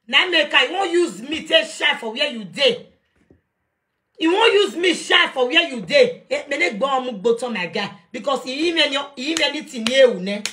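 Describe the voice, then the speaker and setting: A woman's voice: high voice, lively intonation, moderate pace, pushed and bright. A young adult woman with a Nigerian accent, ranting defiantly on a live stream from her phone, confronting someone and raising her voice at times. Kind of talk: heated live rant.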